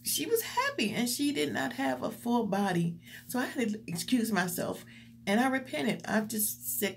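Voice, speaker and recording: A woman's voice: medium pitch, lively intonation, normal speed, slight background noise. A woman vlogger giving an earnest, faith-based motivational talk, encouraging her viewers with preacherly repetition.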